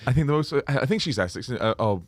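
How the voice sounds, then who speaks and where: A man's voice: mid-range voice, lively intonation, no room sound. An English comedian in casual podcast chat, with a mid-range voice. He often stumbles over his words and restarts sentences, and he laughs a lot. The sound is dry and close to the mic. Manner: halting restarts, frequent laughs.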